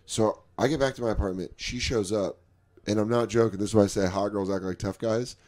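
A man's voice: lowish voice, fairly even intonation, a little fast, darkish tone. Guy on a podcast spinning breakup stories, acts out both sides, swears a lot. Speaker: podcast guest comedian. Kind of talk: casual storytelling chat.

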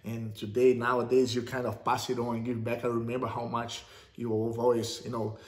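A man's voice: medium pitch, fairly quick. Laid back guy hosting an interview, says "man" a lot, bit of room echo. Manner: relaxed, chatty, peppered with "you know" and "man". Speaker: interviewer, host. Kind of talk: casual interview chat. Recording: roomy echo.

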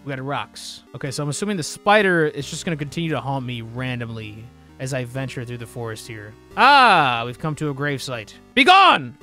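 Excitable, foul-mouthed male gamer, bright voice. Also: mid-range voice, quick pace, few pauses. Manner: excitable, profane, sudden yelling outbursts. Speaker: streamer. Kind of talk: live gameplay commentary. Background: faint game soundtrack music.

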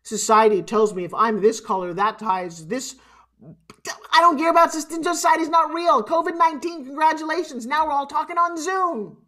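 Animated woman motivational speaker. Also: high voice, normal speed. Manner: animated and emotional, swings from loud to hushed. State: tearful at times. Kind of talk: live motivational keynote speech.

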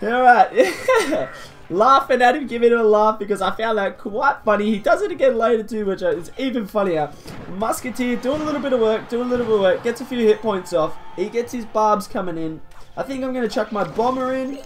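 A woman giving casual, excitable commentary over a game replay, teasing her opponent and chuckling as she goes. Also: fairly high pitch, fairly quick. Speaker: gaming video host. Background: faint game music.

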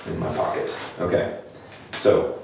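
Speaking a little slowly in a somewhat mellow voice, a male clinician delivers an intense exercise rant straight to the camera, frequently adding "okay?" The mic is distant and somewhat off-axis, the room very echoey, and faint noise lingers.

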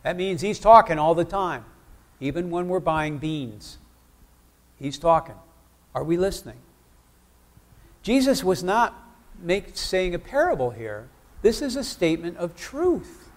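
Male preacher, church sermon, conversational, asks the congregation questions, voice sits a bit high. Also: very animated, measured pace, long pauses.

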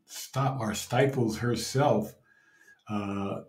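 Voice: medium pitch, extremely slow, darkish tone, roomy sound. A livestream co-host adding remarks in casual conversation. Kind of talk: casual chat.

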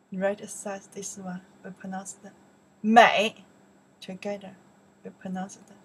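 A woman with a Chinese accent teaching vocabulary, saying each word loudly and explaining it more softly in English. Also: mid-range voice, husky, low-quality recording. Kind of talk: vocabulary lesson, repeating words aloud.

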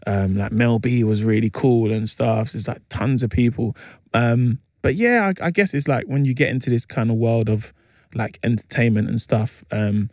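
A man, a comedian chatting as a radio guest and telling lively anecdotes with plenty of slang fillers. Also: medium pitch, normal speed, no echo, studio quality. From England. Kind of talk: casual interview chat, animated storytelling. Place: radio studio. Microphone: studio microphone.

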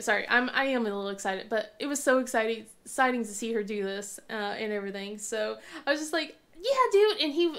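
Woman, young, casual home vlog, chatty, rambling, laughs often, high-ish voice. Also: fairly bright tone. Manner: acts out her young son's lines in a high voice. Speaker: crafting vlogger. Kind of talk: casual chat to camera. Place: at home on the couch.

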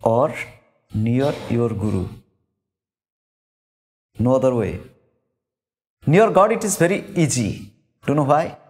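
A man giving a scripture discourse as a spiritual teacher, speaking deliberately and repeating key phrases for emphasis. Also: medium pitch, animated, darkish tone. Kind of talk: sermon-style scripture discourse.

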